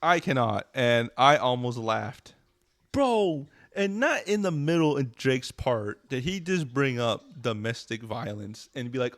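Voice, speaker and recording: A man's voice: mid-range voice, expressive, a little slow, fairly bright tone. A male streamer doing music reaction commentary, blunt, profane and mocking.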